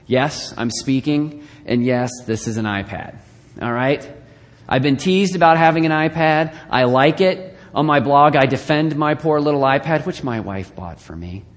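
A male pastor giving a conversational sermon with joking asides, swinging between loud bursts and quiet, hushed lines. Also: mid-range voice, normal speed. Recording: long reverb of a large hall.

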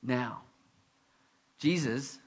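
A male pastor preaching a conversational, animated sermon with self-deprecating asides. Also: medium pitch, drawn-out words, husky.

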